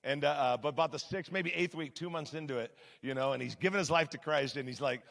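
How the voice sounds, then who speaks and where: A male pastor tells stories from the pulpit, animated and conversational, and often turns to the congregation with questions. His voice sits a bit high, with a gravelly, bright edge. A long reverb trails each phrase through the hall. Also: fast, few pauses. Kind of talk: storytelling sermon.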